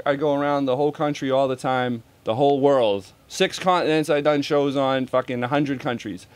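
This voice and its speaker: A man in his thirties, a touring roadie and musician, chatting as a podcast guest in a laid-back, profane and self-deprecating way. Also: fairly high pitch. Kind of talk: casual interview chat.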